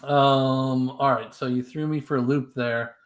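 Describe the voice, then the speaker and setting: A man's voice: medium pitch, steady tone, measured pace, over a noisy crowd. A man co-hosting a live stream, casually reading viewer comments and chatting about upcoming videos. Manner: easygoing, reads comments aloud.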